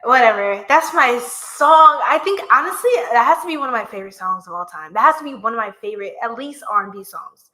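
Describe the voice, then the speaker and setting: A woman's voice: on the high side, lively intonation, a little fast, hardly any pauses, sharp tone. A young woman reading tarot on a live stream, chatting playfully with viewers and a little short of breath. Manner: playful, chatty, singing bits of songs. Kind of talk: casual live-stream chat.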